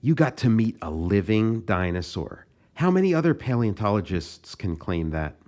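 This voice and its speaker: Male podcast host, very deep voice, casual and meandering, talks through his own comic pages. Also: big pitch swings, normal speed, mellow. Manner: loose, meandering, thinking aloud.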